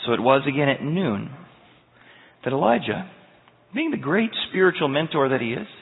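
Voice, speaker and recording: A man's voice: a little high, moderate pace, gravelly. Male pastor, emphatic sermon, phone-like tinny audio, long hall reverb. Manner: animated, emphatic storytelling. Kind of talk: verse-by-verse sermon.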